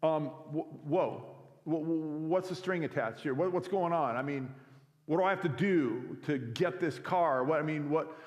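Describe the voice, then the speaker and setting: A man's voice: fairly high pitch, measured pace, echoey room, in a large hall, voice pushed up, lightly acted. A preacher acting out a startled young man. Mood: astonished.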